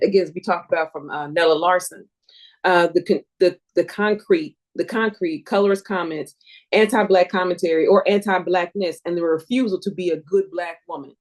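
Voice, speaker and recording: A woman hosting a casual talk, speaking in a halting way with restarts. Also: on the low side, steady tone. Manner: laughing along, halting with restarts. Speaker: host. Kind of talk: casual chat, then reading closing thoughts.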